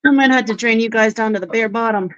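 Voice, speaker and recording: A woman hosting a casual live stream, bubbly and quick to laugh, who baby-talks to her pets while she chats. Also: a little high, a bit bright, a little hiss or hum. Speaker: livestream host. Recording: dry, slightly dull livestream audio.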